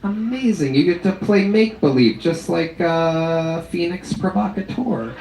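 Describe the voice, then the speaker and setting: A man's voice: on the high side, unhurried, darkish tone, recorded from a distance. A man hosts a live comedy show, needling his guest with sarcastic questions. He sits somewhat back from the mic in an echoey room with faint noise behind him. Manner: sarcastic, teasing interviewer. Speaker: host. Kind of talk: hosting a live comedy podcast.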